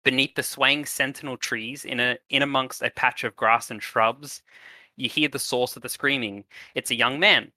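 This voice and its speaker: Bright-voiced young game master. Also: male voice, mid-range voice, fairly even intonation, normal speed, no room sound. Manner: hesitant, many ums, improvising. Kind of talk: narrating a tabletop game.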